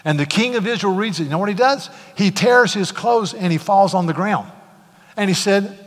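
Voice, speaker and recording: A man preaching a sermon in a church, retelling a scripture story in an animated way with casual asides. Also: high voice, moderate pace. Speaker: pastor. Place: church sanctuary. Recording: long hall reverb.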